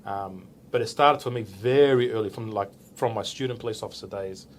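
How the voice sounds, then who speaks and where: Over slight background noise, a fairly quick Australian man in his forties with a lowish voice, a police officer, tells an interviewer a casual story. He's animated, performs the dialogue, and tags lines with "right?"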